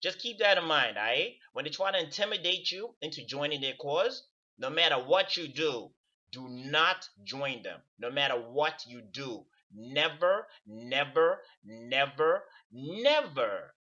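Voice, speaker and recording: A man's voice: fairly high pitch, lively intonation, normal speed, pushed and bright, dull audio. A man talking to camera in a casual, profane rant, repeating words for stress. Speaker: video commentator. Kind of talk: casual ranting monologue.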